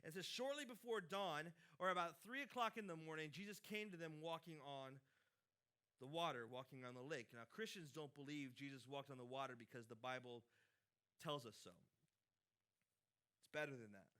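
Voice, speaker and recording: A man delivers a sermon from the stage in a bright, forceful voice that sits a little high for a man. He talks casually, pushing hard on some phrases and dropping low on others. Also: normal speed. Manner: conversational preaching with dynamic swings in loudness. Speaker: pastor.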